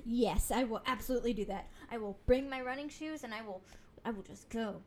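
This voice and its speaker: A woman's voice: a little high, a little fast. A woman co-hosting a podcast in casual chat, goofy and playful, slipping into joking bro talk.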